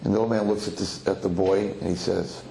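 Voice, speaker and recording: Gravelly rabbi telling a parable. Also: male voice, low voice, brisk, slight background noise. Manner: animated storyteller with Yiddish words. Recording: echoey hall, faint ambience.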